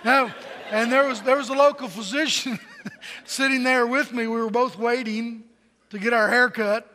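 A man delivers a sermon to a large congregation, his voice high and bright. He tells jokes and stories and doubles back on his words. The sound carries a long reverb from a big church hall. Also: fairly even intonation, normal speed, slight background noise. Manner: storytelling and joking with the congregation, many repeated words. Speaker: pastor.

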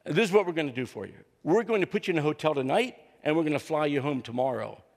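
A man's voice: fairly high pitch, expressive, fast, vocal fry. An older man preaching a humorous sermon, telling stories and acting out what people said, with a joking, easygoing manner. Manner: joking storyteller, acts out quotes. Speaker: guest preacher and counselor. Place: church sanctuary. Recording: long hall reverb in church.

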